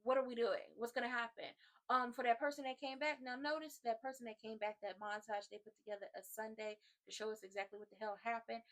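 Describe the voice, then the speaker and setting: A woman's voice: a little high, fairly even intonation, quick pace, a bit bright. A woman vlogger ranting through a wrestling recap in a chatty, slangy, sassy way.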